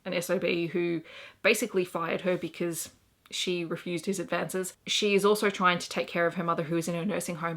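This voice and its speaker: A woman's voice: on the low side, fairly bright tone. A young Australian woman chatting through her recent reads in a casual, enthusiastic and rambling book vlog. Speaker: book vlogger.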